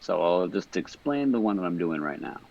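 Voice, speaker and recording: A man's voice: low voice, very animated, normal speed, creaky, a little mellow, muffled recording. A man in casual podcast chat, stoned, rambling and swearing as he talks. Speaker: podcast guest.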